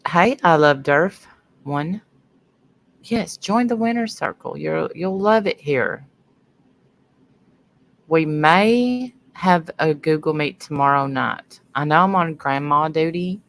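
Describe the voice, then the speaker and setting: With a low-pitched, gravelly yet fairly bright voice and a slow pace, a middle-aged livestream host chats casually, sniffling from her sinuses. She rambles between stories and breaks off mid-sentence to greet viewers by name.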